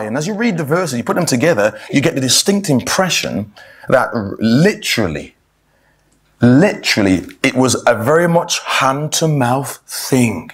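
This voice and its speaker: A man's voice: medium pitch, sing-song, moderate pace, husky. A man giving a sermon-style Bible talk, addressing the congregation as brothers and sisters and reading scripture aloud, often restarting his words.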